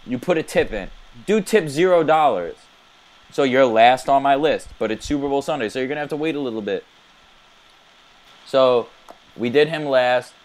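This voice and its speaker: Male podcast co-host, quick and profane storyteller, loose and animated. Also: mid-range voice. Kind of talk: casual storytelling.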